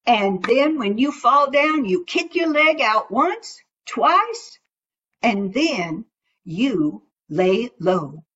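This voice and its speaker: A sly, folksy male rabbit trickster, as a woman storyteller puts him on, drawling his schemes in a high, bright voice. The recording sounds dull and lo-fi. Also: sing-song, extremely slow, slightly rough, full character voice. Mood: scheming.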